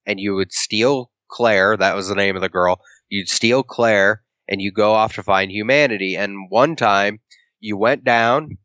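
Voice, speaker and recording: A fairly low-voiced man co-hosts a casual podcast, walking through a comic's story and voicing its characters' lines along the way. He swears easily as he talks. The sound is dull and lo-fi, and the room is dry with no echo. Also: fairly bright tone. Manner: retells the plot at length, acting out the characters' lines, swears casually. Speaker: podcast co-host. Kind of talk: casual comic book review chat.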